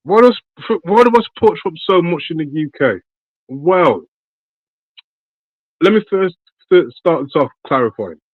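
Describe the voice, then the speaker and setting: A man's voice: fairly high pitch, lively intonation, unhurried, long pauses, dry recording. A British man on a call, talking in loose, slangy chat full of swearing and ums. The line is dull and lo-fi, and the voice sits dry and close. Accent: British English. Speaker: caller.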